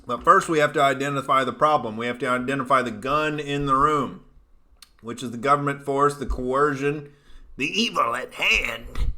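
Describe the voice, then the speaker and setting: A man's voice: mid-range voice, steady tone, moderate pace, bright, forceful tone. A man in his thirties hosting a comedy livestream, ranting loosely, swearing and reading out chat messages. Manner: profane, ranting, loose and jokey. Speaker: comedian host.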